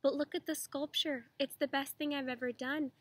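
Gruff, bad-tempered old painter, half blind, read by a woman for a storybook. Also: very high voice, level tone, normal speed, no echo, pitched above the performer's own voice, rough recording. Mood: gentle. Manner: gruff, curt, then softening. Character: old, irritable, nearly blind male painter.

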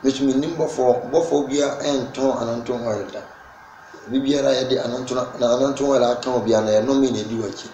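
A man speaking as a guest in a casual interview, his voice rising and getting louder when he presses a point. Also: medium pitch, steady tone, fairly quick. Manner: emphatic, rising and loud when making points. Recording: echoey room with faint background noise.

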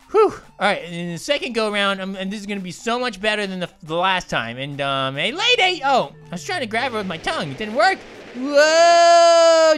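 Woman doing lets play commentary, high voice, bouncy and giggly, keeps saying sorry to people in the game. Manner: excitable, giggly, apologetic to game characters. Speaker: gaming channel host.

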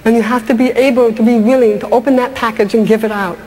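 A woman comedian and speaker telling stage stories in an animated way, asking the audience questions and laughing along. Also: fairly high pitch, fast, slight background noise. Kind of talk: stand-up storytelling. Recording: large hall with long reverb, faint ambience.

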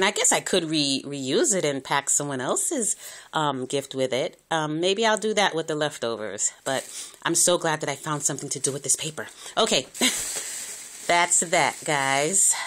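A woman in her thirties chatting casually to a phone camera at home, gushing with excitement as she opens a craft gift. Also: sits low, a little hiss or hum. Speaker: crafting vlogger. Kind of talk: casual unboxing chat to camera.

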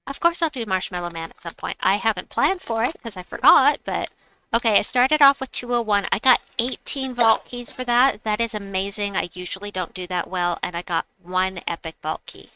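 A woman's voice: medium pitch, normal speed, pushed and bright, a little hiss or hum. A woman hosting a casual gaming livestream, chatty and playful, reading chat aloud and making silly noises. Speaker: livestream host.

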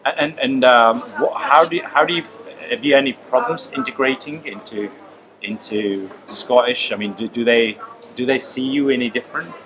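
A man's voice: mid-range voice, moderate pace, noisy background. A man chatting casually as interviewer, stumbling and repeating his words as he asks questions. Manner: hesitant, repeats words, laughs often. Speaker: interviewer, comedian. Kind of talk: casual chat.

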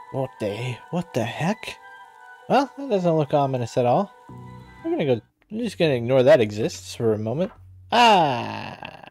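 A man's voice: mid-range voice, big pitch swings, normal speed, pauses often, dark tone, breathy edge, faint music behind. A man playing through a detective game, reading its text and cracking sarcastic jokes as he goes. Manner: sarcastic and jokey, laughing often. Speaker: gaming streamer. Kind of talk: playful game commentary.

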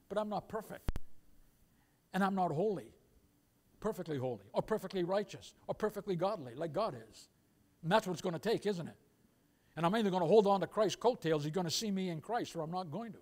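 Impassioned high-voiced male preacher. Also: expressive, a little fast. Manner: impassioned preaching with sudden loud swells and quiet asides; quotes scripture in old-fashioned phrasing. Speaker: pastor. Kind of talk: sermon.

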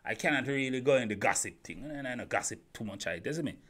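A man holds forth to his camera in a running opinion monologue. He keeps asking rhetorical questions, circles back to the same points and trips over his own restarts, all at a mid pitch. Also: expressive, fast, fairly bright tone, slightly rough. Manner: rhetorical questions, repeats himself, stumbling restarts. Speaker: YouTube commentator.

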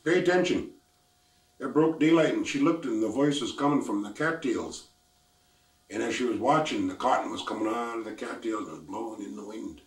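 Elderly man, from the Lummi Nation, oral storyteller, gravelly, repetitive phrasing, echoey room, far from mic. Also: lowish voice. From Lummi Nation, Washington, US. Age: older. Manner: simple repetitive phrasing, unhurried telling.

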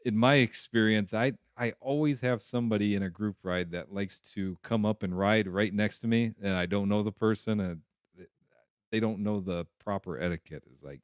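Man, live stream host, casual, lowish smooth voice, dry sound. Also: moderate pace, dry recording. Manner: casual, friendly, reads the chat aloud.

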